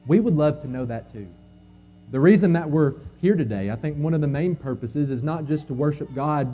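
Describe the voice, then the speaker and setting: A man preaching a sermon as pastor, earnest, rising to emphatic quotes and dropping soft again. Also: medium pitch. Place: church sanctuary.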